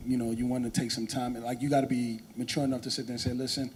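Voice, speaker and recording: A man's voice: mid-range voice, little pitch movement, rapid-fire, a crowd in the background. A man speaking as a panelist in a church discussion, talking casually and often saying "you know".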